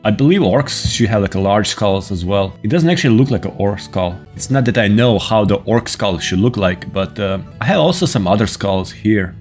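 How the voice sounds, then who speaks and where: Low-voiced man joking over gameplay. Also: animated, moderate pace, few pauses, a little mellow, soft background music. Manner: joking, teasing game characters. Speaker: gaming YouTuber. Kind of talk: casual gameplay commentary.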